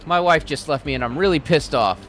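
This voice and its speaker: A man's voice: mid-range voice, sing-song, a little fast, gravelly, a bit bright, soft background music. A man voicing a belligerent, freshly dumped drunk who snarls insults and picks a fight.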